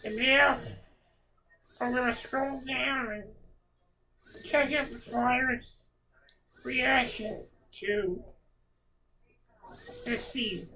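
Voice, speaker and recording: A woman's voice: a little high, steady tone, drawn-out words, pauses often, pushed and bright, a little hiss or hum, low-quality recording. A woman hosting a podcast, talking in an emotional, heartfelt way and repeating words for emphasis. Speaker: podcast host. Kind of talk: reflective podcast monologue.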